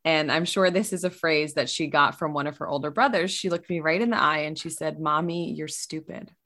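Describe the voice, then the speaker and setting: A woman in her thirties with a somewhat low voice tells a personal story as a podcast guest. Her delivery is lively and chatty. She laughs easily and leaps upward in pitch whenever she quotes someone. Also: brisk. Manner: animated, laughs often, voices quotes with sharp pitch jumps. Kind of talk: casual storytelling chat.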